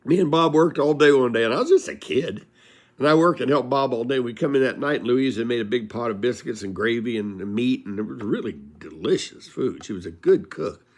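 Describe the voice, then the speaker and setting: Old guy from california telling stories, gravelly voice, folksy and rambling. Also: medium pitch, fairly quick. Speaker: storyteller. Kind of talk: casual spoken storytelling.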